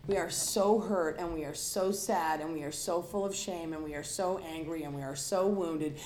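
A woman's voice: lowish voice, normal speed, a little mellow, echoey room, slight background noise. A woman sharing her own story of alcoholism and recovery with an audience, candid and confessional, emphatic and dramatic as she acts out her past self. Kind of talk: personal recovery talk to an audience.

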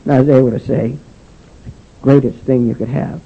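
Older man, gravelly, mid-pitched, halting testimony speaker, dull lo-fi recording. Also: steady tone. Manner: halting, with frequent "and, uh" restarts. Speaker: speaker sharing his recovery story. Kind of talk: personal testimony speech.

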